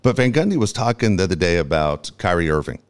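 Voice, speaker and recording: A man co-hosting a sports podcast, telling quick anecdotes and laughing as he goes. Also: low voice, sing-song, smooth. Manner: fast storyteller, laughs often, mimics people. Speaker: co-host. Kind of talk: casual sports chat.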